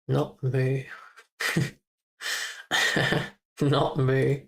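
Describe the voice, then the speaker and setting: A streamer practising German pronunciation on a live stream, slowly repeating words over and over with chuckles and the odd mild swear. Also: medium pitch, steady tone, vocal fry.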